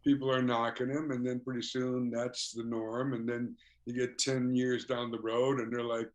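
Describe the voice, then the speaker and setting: A man's voice: mid-range voice, little pitch movement, moderate pace. An older man, a musician guest in a casual interview, telling stories with frequent chuckles and "you know" fillers.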